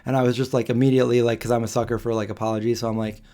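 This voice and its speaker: A man in his forties hosts a relaxed live Q&A stream and tells a story in a loose, chatty way. He rambles, restarts his sentences and fills the gaps with ums and likes. His voice sits at an ordinary pitch for a man. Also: very fast. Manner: rambling, with many fillers and restarts. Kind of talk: casual storytelling.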